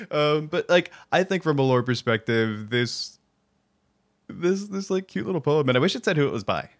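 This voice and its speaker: A baritone man co-hosts a podcast in loose, casual chat. He rambles and hedges with many fillers, and he laughs often between his thoughts. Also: animated, unhurried, long pauses. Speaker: podcast co-host.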